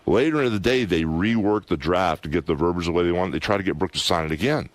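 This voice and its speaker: Rambling deep-voiced middle-aged man. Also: quick pace, no room sound. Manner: rambling, emphatic, lots of "you know" and "anyway". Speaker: guest, former wrestler. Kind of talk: candid radio interview storytelling.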